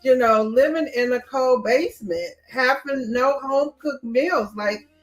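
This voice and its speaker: A woman's voice: high-pitched, measured pace, soft background music, rough recording. A middle-aged woman guest earnestly recounting her own experience with her mother. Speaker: guest co-author. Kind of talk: personal storytelling.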